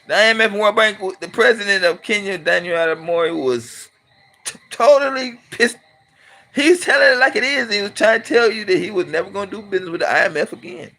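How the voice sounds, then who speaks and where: A man's voice: high voice, expressive, a little fast, gravelly, pushed and bright. A middle-aged man from California, hosting his channel with a casual, blunt and emphatic opinionated monologue. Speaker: channel host and commentator.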